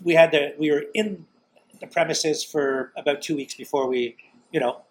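A man hosting a casual chat, telling anecdotes in an animated way. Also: a little high, moderate pace, slight background noise, poor audio. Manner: storytelling, animated, puts on voices in anecdotes. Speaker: host.

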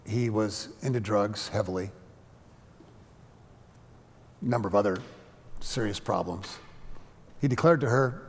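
A man preaching a sermon through a story, earnest and halting, often restarting his words. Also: mid-range voice, darkish tone, slightly rough, big-room sound.

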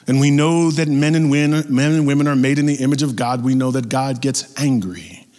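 A man preaching a sermon as pastor, talking in a lively, conversational way with acted-out asides. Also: medium pitch, moderate pace, in a large hall.

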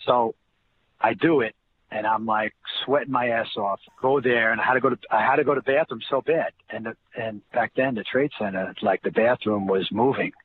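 A man's voice: medium pitch, steady tone, a little fast. Guy, middle-aged, rambling stories, restarts a lot, sounds like he's on the phone. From New Jersey. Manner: rambling, repeats words, acts out quoted people. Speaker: interview guest, former basketball player. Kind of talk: casual storytelling. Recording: tinny phone-like line with faint noise.

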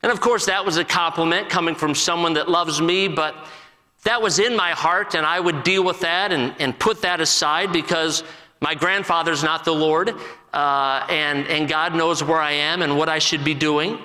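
A man in his forties, an assistant pastor, giving a personal testimony to his congregation in an earnest, halting way full of restarts. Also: a little high, fairly even intonation, bright, forceful tone, in a large hall, low-quality recording. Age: 40s.

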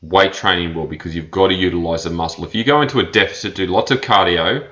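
A man's voice: sits low, fast, fairly bright tone. A man hosting a solo podcast as a personal trainer. He talks bluntly and hammers his points home by repeating them. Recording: dull lo-fi podcast audio.

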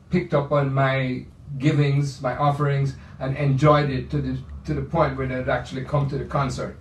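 A man's voice: mid-range voice, a little hiss or hum. An older man, reminiscing in a playful, rambling way with many restarts. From Jamaica. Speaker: pianist. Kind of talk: reminiscing monologue. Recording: echoey room, voice from far off.

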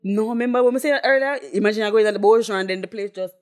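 A woman, co-hosting a casual podcast chat, tipsy and telling lively stories in patois. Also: mid-range voice, racing. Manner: animated storyteller who slips into patois. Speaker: podcast co-host.

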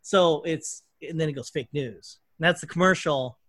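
A man hosting a loose podcast conversation, talking at length in a rambling, profane way and restarting his sentences often. His voice sits a little high for a man. The sound is close and dry. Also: fairly quick, a bit bright, dry recording. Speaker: podcast host. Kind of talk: casual chat.

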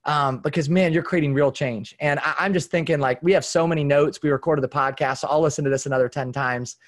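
A man's voice: fairly high pitch, steady tone, quick pace. A man hosting a podcast, effusive and affirming toward his guest. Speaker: podcast host. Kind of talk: podcast conversation.

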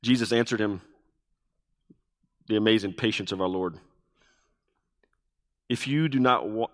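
A man's voice: lowish voice, a little slow, pauses often, fairly bright tone. A male pastor preaching a sermon, asking the congregation questions and repeating key phrases for emphasis. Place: church sanctuary. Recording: long reverb of a church hall.

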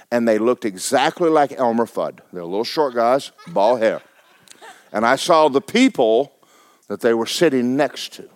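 A man, a pastor preaching and telling a story with animated bursts of loud shouting. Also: mid-range voice, no room sound. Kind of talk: sermon.

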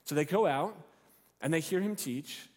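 A man's voice: on the high side, normal speed. A male pastor preaching a sermon, retelling the story expressively and acting out the characters' lines. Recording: long hall reverb.

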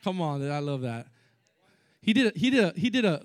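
A middle-aged man preaching a sermon, animated, acting out scripture scenes in casual slang. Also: a little high, brisk. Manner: animated, acts out biblical dialogue in casual slang.

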